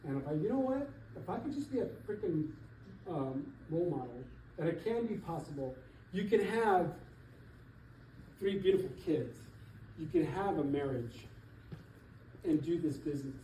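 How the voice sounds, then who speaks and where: A middle-aged man, a real estate coach, giving an animated motivational seminar talk to an audience in a church hall. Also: a little high, normal speed, long pauses, slight background noise. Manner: emphatic, animated, laughs between points. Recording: echoey hall, voice from far off.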